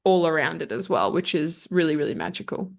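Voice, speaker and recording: A woman's voice: low voice, animated, a little fast, vocal fry. A woman from Central Italy, a podcast guest chatting casually and rambling with many fillers and self-corrections.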